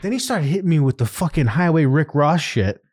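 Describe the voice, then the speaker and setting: A man's voice: on the high side, lively intonation, brisk, a little mellow, dry recording, studio quality. Profane man telling a story, laughing often. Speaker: podcast host. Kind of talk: casual chat.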